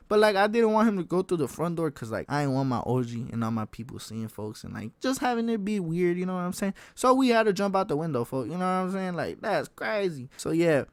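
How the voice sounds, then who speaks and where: A young man vlogging a casual storytime, slangy and animated, with a refrain of "you know what I'm saying". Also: fairly high pitch, dry recording. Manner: acts out his own past panic in raised voice.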